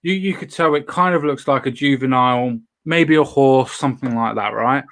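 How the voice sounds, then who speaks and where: A man's voice: mid-range voice, normal speed, fairly bright tone. Man hosting, swearing and restarting. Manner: swears freely, talks in restarts. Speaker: show host. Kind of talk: casual chat.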